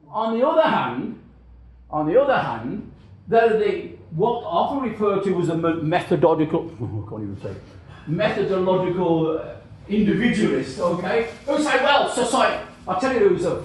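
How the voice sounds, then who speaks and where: A man giving an informal lecture, talking conversationally, repeating words and checking in with his listeners. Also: sits high. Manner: conversational, repeats words and asks "you know?" and "okay?" often. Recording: very echoey lecture room.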